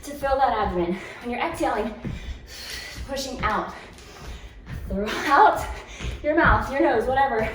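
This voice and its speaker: A fitness instructor with a voice on the high side leads a follow-along home workout, speaking animatedly but a little slowly. She cues moves, counts down, laughs, and encourages, sometimes a little out of breath. The recording has a very echoey room, a distant mic, and faint noise.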